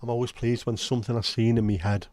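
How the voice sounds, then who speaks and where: A man's voice: mid-range voice, little pitch movement, fast talker, darkish tone. A man hosting a livestream in casual, rambling chat, blunt and now and then swearing. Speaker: livestream host.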